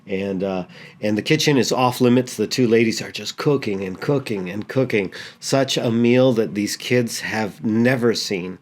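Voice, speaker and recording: A man, a pastor, telling a story in a sermon, halting and repeating words earnestly. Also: lowish voice.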